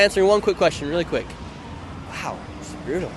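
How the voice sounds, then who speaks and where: Male street-interview host, friendly quick patter, a bit high-pitched, recorded outdoors amid clear traffic noise. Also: animated. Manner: upbeat, chatty, quick friendly questions. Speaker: street interviewer and live streamer. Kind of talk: casual street interviews on a live stream. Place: outdoors on a busy city street.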